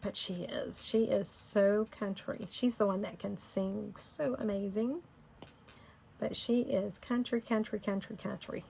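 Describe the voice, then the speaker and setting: A woman's voice: medium pitch, fairly even intonation, a little slow, creaky, a little mellow, a little hiss or hum. A middle-aged woman with a Southern Georgia accent, chatting casually and rambling while she leads a design tutorial. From Florida. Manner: chatty, rambling, laughs easily. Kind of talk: casual screen-recorded tutorial chat.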